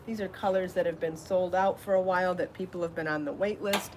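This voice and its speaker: A woman's voice: fairly low pitch, fairly even intonation, a little fast, background noise. Breathless, chatty woman host. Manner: chatty and enthusiastic, laughs at herself. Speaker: podcast host showing her yarn designs. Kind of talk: casual live show chat.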